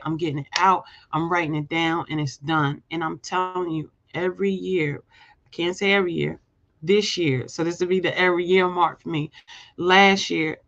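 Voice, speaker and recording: A woman's voice: fairly low pitch, fairly bright tone, highs cut off. A woman hosting a motivational live show, talking emphatically, repeating phrases, asking "right?" and calling her viewers "y'all". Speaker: host of a live show; healthcare staffing agency owner. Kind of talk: motivational live-stream talk.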